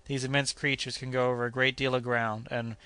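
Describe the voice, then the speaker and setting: Bright, crisp male audiobook narrator. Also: brisk, no room sound. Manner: steady reading, characters' shouts voiced a bit higher and louder. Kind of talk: scripted narration.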